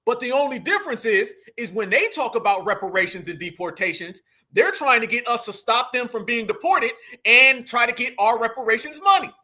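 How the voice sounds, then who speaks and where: A man's voice: extremely high pitch, lively intonation, a little fast, bright, forceful tone. A man hosting commentary, talking heatedly and preachily, often calling his listeners family. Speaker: commentary channel host. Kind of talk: heated commentary reacting to a clip.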